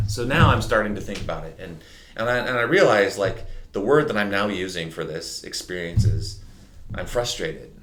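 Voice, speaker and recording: A man speaking as an interview guest, telling candid, animated personal stories in a reflective conversational way. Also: low-pitched. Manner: candid, animated, mimics horn sounds.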